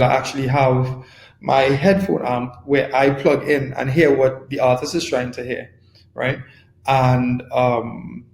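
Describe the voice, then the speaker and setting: A man, a music producer giving a casual webinar lesson, relaxed and conversational, often checking in with "right?". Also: medium pitch, roomy sound, poor audio. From Trinidad and Tobago. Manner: relaxed, conversational, repeats phrases and asks "right?". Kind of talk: casual instructional talk.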